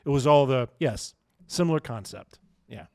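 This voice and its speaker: A man co-hosting a podcast in casual chat, jokey and laughing often, slipping into quick mock voices. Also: mid-range voice, lively intonation, gravelly, a little mellow, dry recording. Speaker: podcast co-host.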